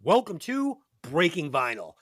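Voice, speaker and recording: A man's voice: on the high side, wildly swooping pitch, measured pace. A man hosting a podcast, joking crudely and laughing often. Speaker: podcast host. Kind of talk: casual podcast banter.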